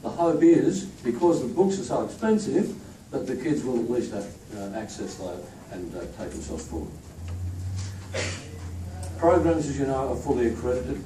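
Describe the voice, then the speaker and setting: A man's voice: medium pitch, sing-song, normal speed, dark tone. Joking man in an echoey hall. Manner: chatty, joking, informal. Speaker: institute leader presenting staff. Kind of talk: speech at a staff event. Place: echoey event room with a crowd. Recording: echoey room, distant mic, crowd noise.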